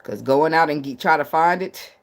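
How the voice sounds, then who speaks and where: A woman's voice: sits low, normal speed. A woman giving a casual livestream tarot reading, blunt and profane, often breaking into laughs. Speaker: tarot reader.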